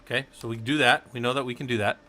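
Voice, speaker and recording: A man's voice: mid-range voice, fairly even intonation, quick pace, bright, forceful tone. A man leading a casual live study session, thinking aloud in a loose, informal way and swearing now and then.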